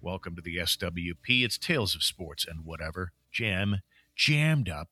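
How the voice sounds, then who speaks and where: A man's voice: sits low, lively intonation, moderate pace, bright, forceful tone, husky, no echo, faint music behind. A man hosting a sports podcast, chatting casually with upbeat, playful teasing. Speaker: podcast host. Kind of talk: casual chat.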